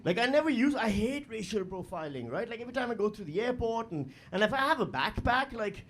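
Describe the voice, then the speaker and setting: A man's voice: sits high, sing-song, brisk, a bit bright, a little hiss or hum. A middle-aged man performing a stand-up comedy set on a live stage, profane and rambling, full of fillers and talking straight to the audience.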